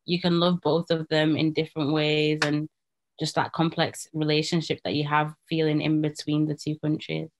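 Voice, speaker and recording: A woman poet talking softly about her poem, her voice trailing off. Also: low-pitched, monotone, normal speed, noisy background.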